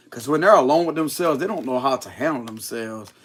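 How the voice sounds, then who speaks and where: A man with a high voice that swoops up and down gives a loose, unscripted tarot reading. He talks in blunt, profane slang with a lilt and breaks into laughs as he goes. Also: animated, fast talker, hardly any pauses. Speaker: tarot reader. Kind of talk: casual tarot reading monologue.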